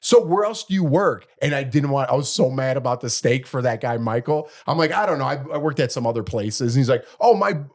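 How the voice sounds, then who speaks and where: A middle-aged man, a podcast co-host, telling a story in casual chat and acting out the people in it. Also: on the high side. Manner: animated storyteller, acts out quoted people.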